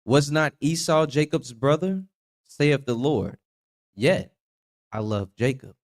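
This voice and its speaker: A man reading Bible verses aloud slowly and deliberately, adding short agreements between passages. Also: mid-range voice. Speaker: scripture reader.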